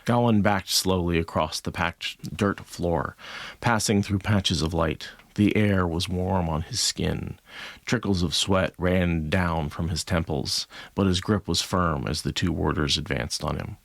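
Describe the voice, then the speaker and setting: A man's voice: low-pitched, gravelly, no room sound. A man co-hosting a book podcast, chatting playfully and laughing often, then reading passages aloud from a novel. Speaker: podcast co-host.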